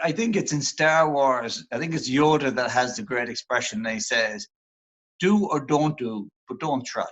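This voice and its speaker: The sound is lo-fi, and the man's voice sits on the high side, a bit bright and slightly rough. He's an Irish performance psychologist giving an earnest, reflective motivational interview about how listeners should talk to themselves.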